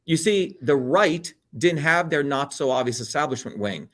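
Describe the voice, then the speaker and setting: A man's voice: a little high, lively intonation, normal speed. A middle-aged man from India, talking bluntly and animatedly as an interview guest, swearing freely and mimicking other people. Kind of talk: heated political talk.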